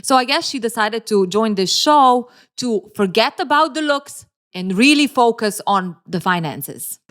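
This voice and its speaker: A woman's voice: on the high side, lively intonation, a little slow, a bit bright. A woman giving casual relationship commentary for a video, sarcastic and teasing, with frequent laughs and playful asides.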